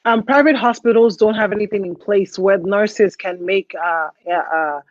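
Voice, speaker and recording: A woman hosting a live call-in talk show, emotional and halting, with many hesitant restarts. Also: medium pitch, no echo, muffled recording.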